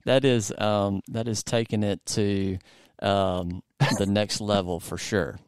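A man's voice: fairly low pitch, little pitch movement, takes it slowly, darkish tone, clear, resonant tone, no echo, clean studio sound. A male podcast host from the United States chatting casually, rambling with many fillers and restarts. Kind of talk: casual interview chat.

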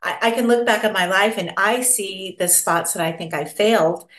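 A woman from North America, a guest in a casual interview, telling stories in an animated way and often acting out quotes. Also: medium pitch, normal speed. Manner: animated storyteller who acts out quotes and laughs often. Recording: echoey room.

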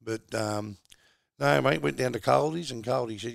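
A man's voice: mid-range voice, moderate pace, gravelly, dry recording, clean studio sound. A middle-aged Australian man hosting a podcast, chatting in a laid-back, rambling way and calling his co-host mate. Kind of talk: casual chat.

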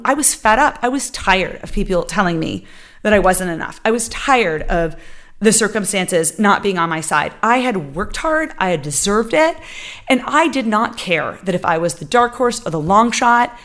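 A young woman telling her own life story in a lively motivational way, acting out the voices she quotes and laughing as she talks. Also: medium pitch. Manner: animated, acts out quoted voices, laughs while talking.

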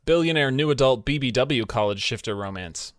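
A man's voice: mid-range voice, animated, brisk, no echo. A man hosting a casual podcast, chatting in a joking, dry way with filler words. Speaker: podcast host.

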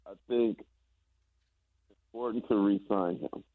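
Low-voiced man on a tinny line. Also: slow, no room sound. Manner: relaxed storytelling, stammering restarts. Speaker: guest, former basketball player. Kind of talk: casual chat.

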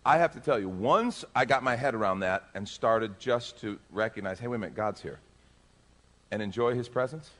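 A man, a pastor, telling a lively personal story during a sermon and acting out the dialogue. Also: fairly low pitch, normal speed. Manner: animated, acts out dialogue in the story. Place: church.

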